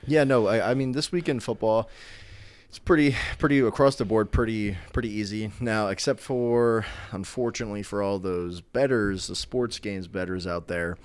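Young male podcast co-host, low-pitched, chatty and rambling, restarts a lot. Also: normal speed, smooth, no echo. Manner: rambling, many restarts and filler words. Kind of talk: casual chat.

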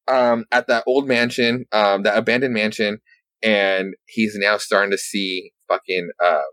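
A man casually recapping a story as a podcast host, rambling with lots of fillers and swearing, telling it with animated energy. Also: lowish voice, normal speed, dry recording. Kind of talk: casual chat.

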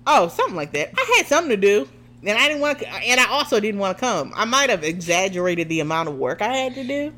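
A woman's voice: medium pitch, big pitch swings, fast talker, fairly bright tone. Young woman co-host, wry casual chat, faint hum. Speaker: podcast co-host.

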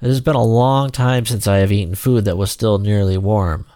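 A man's voice: fairly low pitch, steady tone, normal speed, warm tone, no room sound, studio quality, lightly acted. A man voicing a sad, proud male lion in a storybook, speaking in a tired, blunt way. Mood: weary.

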